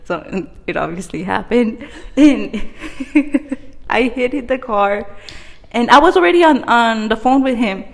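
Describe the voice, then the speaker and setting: A woman's voice: a little high, animated, measured pace, creaky. A young woman co-hosting a podcast, telling a story in casual chat and laughing often. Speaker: podcast co-host. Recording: roomy hall reverb.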